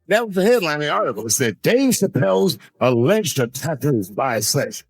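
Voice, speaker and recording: Male stand-up comic, high-ish and swooping delivery, profane and animated, dry close sound. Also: brisk, husky, dry recording, rough recording. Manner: animated, profane storytelling with sudden high-pitched outbursts. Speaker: stand-up comedian. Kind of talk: stand-up comedy storytelling. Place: comedy stage.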